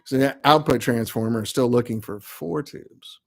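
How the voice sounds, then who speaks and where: A man's voice: mid-range voice, moderate pace, gravelly, over music. Rambling, chatty man on a live stream. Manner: rambling, self-mocking, chatty. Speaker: amp builder hosting a live web show. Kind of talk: casual live-stream chat.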